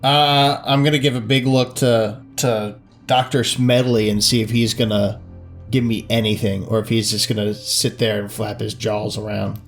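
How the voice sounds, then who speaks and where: A man's voice: fairly low pitch, little pitch movement, normal speed, faint music behind. A man playing a ship captain in a tabletop game, casual and hesitant with fillers. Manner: casual, hesitant, playful in character. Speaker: player. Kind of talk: casual tabletop role-play.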